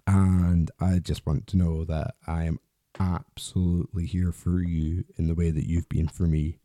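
Deep, mellow-voiced male podcast host. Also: level tone, a little slow, dry recording, studio quality. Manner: rambling, candid, with frequent restarts and swearing. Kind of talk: solo podcast monologue.

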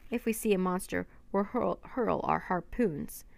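A woman's voice: lowish voice, a little slow, vocal fry, no echo. Woman doing a boisterous, teasing sailor. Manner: teasing, old sailor's talk. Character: boisterous male sailor who teases the kids.

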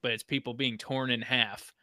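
A man hosting a casual chat podcast, animated and jokey, sprinkling his talk with "you know". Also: mid-range voice, moderate pace, dry recording, clean studio sound. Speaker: podcast host.

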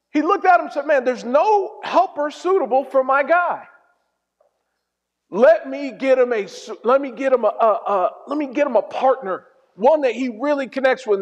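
A middle-aged man preaching a sermon, telling stories in an animated, humorous way. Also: extremely high pitch. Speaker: pastor. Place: church hall. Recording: dull sound in a reverberant hall.

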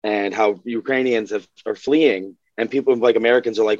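A man's voice: fairly low pitch, steady tone, brisk, a little mellow, no echo, lo-fi sound. A man guest on a podcast, talking earnestly and with worry in casual conversation. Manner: earnest, worried.

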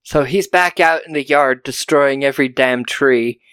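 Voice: mid-range voice, moderate pace, a bit bright, smooth, dry recording. A podcast host casually recapping a TV episode, telling it as a story. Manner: storytelling, acts out quotes.

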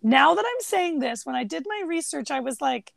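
A woman co-hosting a relaxed podcast, rambling and laughing as she goes. Her voice sits high with a strong gravelly fry running through it. The recording is dry and close. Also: moderate pace, no room sound. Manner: chatty, laughs often, rambling restarts. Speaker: podcast co-host. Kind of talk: casual chat.

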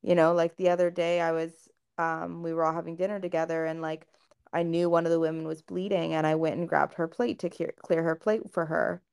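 Woman podcast co-host, frank and profane, slightly low voice, lively retelling. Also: brisk, vocal fry, clean tone. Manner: candid, swears freely, animated retelling. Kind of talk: casual podcast conversation.

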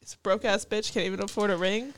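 A woman's voice: mid-range voice, fairly even intonation, a little fast, slight background noise. A young woman co-hosting a podcast in casual chat, blunt and profane, laughing easily. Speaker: podcast co-host.

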